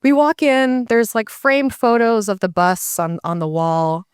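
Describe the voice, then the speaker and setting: Animated storytelling woman, smooth voice. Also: fairly high pitch, measured pace, dry recording, clean studio sound. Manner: animated, breaks into voices for quoted people. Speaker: guest speaker. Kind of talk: casual storytelling to a live audience.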